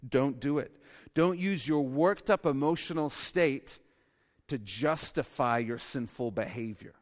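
A male pastor giving a sermon in an animated way, with humorous asides and bursts of loud emphasis. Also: medium pitch, measured pace, big-room sound.

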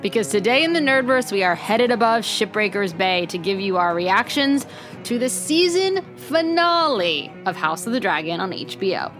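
A woman's voice: medium pitch, big pitch swings, moderate pace. A young woman with a mid-range voice co-hosts a podcast in a loose, chatty way. She rambles through her thoughts, filling gaps with "like" and "um." Faint music sits under her voice. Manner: rambling and chatty, with many likes and ums. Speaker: podcast co-host. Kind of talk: casual chat.

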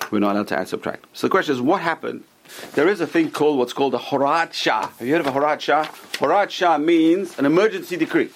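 A man's voice: medium pitch, quick pace, slight background noise. A man teaching a Torah class to a small group, telling stories with animation and putting questions to his listeners.

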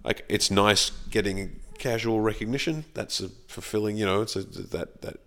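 Low, gravelly Australian man rambling. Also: moderate pace, fairly bright tone. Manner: rambling, self-deprecating, acts out quoted voices. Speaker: actor guest. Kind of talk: casual podcast chat.

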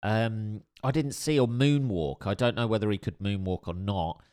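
A man's voice: on the low side, moderate pace, darkish tone, clean tone. A man telling a story in casual chat, wry and rambling, with many fillers and restarts. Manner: dry, wry humor.

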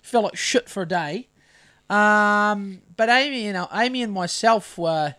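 A man's voice: sits high, bright, forceful tone, clean tone. A middle-aged man with a New Zealand accent chats loosely on a podcast. He rambles, trails off, and restarts his sentences as he goes. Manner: rambling, halting, many restarts. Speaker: podcast co-host. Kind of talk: casual chat.

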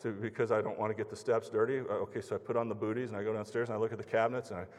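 A man's voice: fairly low pitch, little pitch movement, rapid-fire, darkish tone. Man telling a story in a reverberant hall. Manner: conversational, anecdotal, acts out others' lines. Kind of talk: storytelling sermon. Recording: long reverb of a large hall.

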